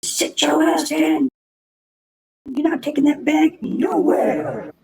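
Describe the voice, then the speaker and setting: A man voicing a young male navy petty officer who bullies recruits, shouting and drawling. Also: very high voice, little pitch movement, slow, pitched above the performer's own voice, exaggerated voice. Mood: yelling.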